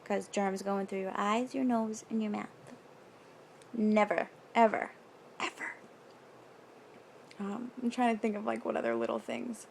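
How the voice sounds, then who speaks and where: A woman's voice: fairly high pitch, steady tone, creaky, a little mellow. Candid young woman rambling on a vlog. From New York. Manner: rambling, candid, swears casually, quick nervous asides. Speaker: vlogger. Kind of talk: casual confessional vlog. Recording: faint background noise.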